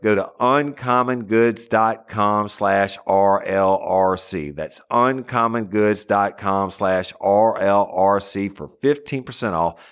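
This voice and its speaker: A man reading a scripted sponsor ad, slowing down deliberately to spell out a web address. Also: lowish voice, clean tone. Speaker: ad reader. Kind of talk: scripted ad read.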